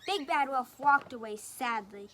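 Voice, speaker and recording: A woman's voice: sits high, lively intonation, measured pace, fairly bright tone, slight background noise. A woman reading a picture book aloud, taking turns with a partner and chatting about the pictures. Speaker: storybook reader.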